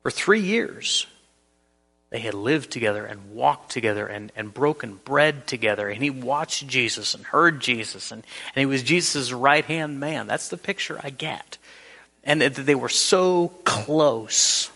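A man's voice: mid-range voice, expressive, a little slow, gravelly, sharp tone, big-room sound. A man preaching a sermon as pastor, earnest and emphatic, telling the story with frequent repeats.

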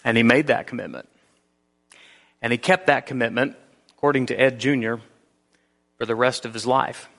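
A man preaching a sermon in a church, earnest, with slow emphatic phrases and frequent restarts. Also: medium pitch, fairly bright tone. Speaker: pastor. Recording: long reverb of a large hall.

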